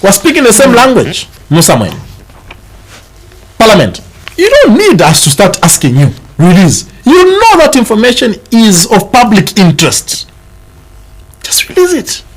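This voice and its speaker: A man's voice: high-pitched, moderate pace, rough recording. A Zambian man with a Zambian English accent, hosting a morning TV show, chatting casually over the newspapers and dropping in local words and jokes. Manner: animated, mixes in local words, jokes and laughs often. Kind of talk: casual chat reviewing newspapers. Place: TV studio.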